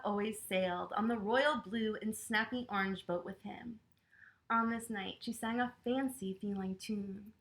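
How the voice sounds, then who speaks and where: A woman reading a picture book aloud to children and leading yoga poses, speaking to them in an animated, playful way. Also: mid-range voice, normal speed. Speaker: children's storyteller and yoga teacher.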